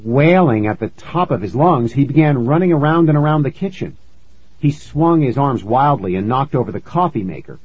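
A man narrating a first-person story in a measured storytelling manner, on a dull, lo-fi recording. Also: mid-range voice, expressive, darkish tone, husky. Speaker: audiobook narrator.

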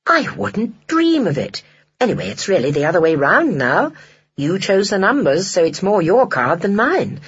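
A storyteller voicing Mary, a polite, generous and rather proper woman who speaks briskly and sounds a little fussy, in a husky voice. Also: mid-range voice, very animated, a bit bright, muffled recording, exaggerated voice.

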